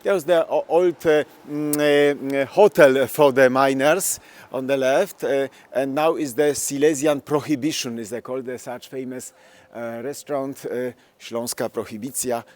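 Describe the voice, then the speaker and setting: A man with a Polish accent guiding a live walking tour outdoors, speaking halting, hesitant English full of restarts. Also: medium pitch, steady tone, a little mellow. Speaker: tour guide. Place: outdoors on town streets.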